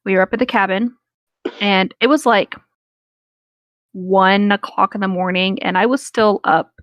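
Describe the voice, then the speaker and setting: A young woman in her twenties tells a story in a loose, rambling way, full of fillers, and swears casually. The recording is dry and close, with no room sound, and her pitch sits in a middle register. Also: steady tone, normal speed, no room sound. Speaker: podcast co-host.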